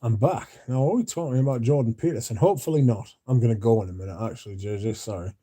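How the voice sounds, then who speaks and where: A man's voice: mid-range voice, fast talker, mellow, breathy edge. A man, hosting a livestream and chatting casually with his chat in a drowsy, rambling way. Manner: drowsy, yawning, mumbles at times. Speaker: livestream host reading chat.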